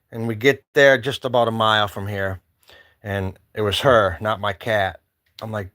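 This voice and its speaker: A man's voice: lowish voice, fairly even intonation, moderate pace, a bit bright, no room sound, studio quality. A middle-aged man telling a story casually to the camera and cooing at his pets. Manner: baby talk to pets, storytelling. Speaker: vlogger.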